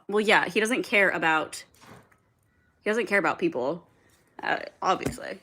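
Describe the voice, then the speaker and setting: Bright-voiced young woman ranting casually on a livestream. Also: mid-range voice, a little slow, gravelly, long pauses. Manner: rambling, heavy filler "like", frequent swearing, reads and answers chat. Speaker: livestream host.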